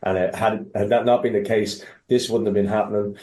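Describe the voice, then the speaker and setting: An Irish man tells stories as a podcast guest, animated and salty-tongued, tripping over his own restarts as he goes. His voice is mellow and warm rather than bright, and it rings a little in a roomy space. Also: on the low side, brisk. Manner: animated, profane, many restarts. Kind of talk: casual interview storytelling.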